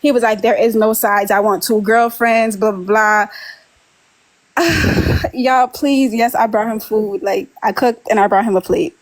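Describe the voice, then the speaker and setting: This caller is a woman in her twenties on a live stream, recounting a rambling, confessional personal story with nervous laughs and many filler words. Her voice is on the high side, with a steady tone and measured pace, on a low-quality recording.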